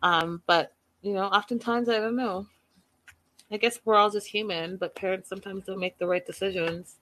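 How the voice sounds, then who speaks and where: Speaking at normal speed in a steady, medium-pitched, slightly bright voice, a woman recaps a reality show casually. She reads comments from viewers aloud and shares chatty opinions, using fillers often.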